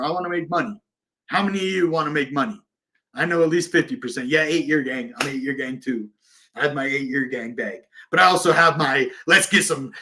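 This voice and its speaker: A man hosting a crypto livestream and talking straight to his viewers. His voice sits a little high, and he gets excited and passionate, jumping between loud bursts and quieter asides. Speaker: crypto channel host. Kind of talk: casual livestream talk.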